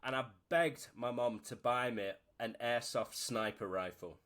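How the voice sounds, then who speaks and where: A man's voice: medium pitch, measured pace, fairly bright tone. A man from Leicester, casually telling a story on a podcast, laughing as he goes. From Leicester, England. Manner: chatty, laughs while telling stories. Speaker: podcast host.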